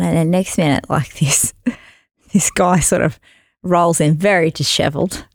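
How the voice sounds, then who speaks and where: Podcast host, woman, young, laughs mid-story, low and creaky. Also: lively intonation, normal speed, no room sound, clean studio sound. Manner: chatty, laughs through her own stories. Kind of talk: casual storytelling chat.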